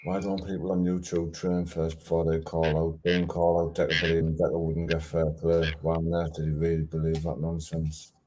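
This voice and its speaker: A man's voice: extremely low pitch, completely flat delivery, moderate pace, few pauses, mellow, a little hiss or hum, poor audio. A man co-hosting a casual fight chat, blunt and enthusiastic, swearing freely. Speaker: co-host.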